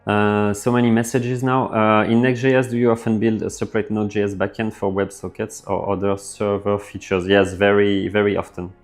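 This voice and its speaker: Laid-back low-voiced man streaming live. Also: a little fast, few pauses, soft background music. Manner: relaxed, thinks aloud with fillers, reads chat messages out. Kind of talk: casual live stream chat reading viewer comments.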